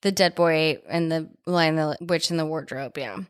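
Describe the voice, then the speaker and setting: A woman's voice: low voice, normal speed, clean tone. A woman co-hosting a podcast, recapping a horror film in a loose, jokey way and swearing freely. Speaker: podcast co-host.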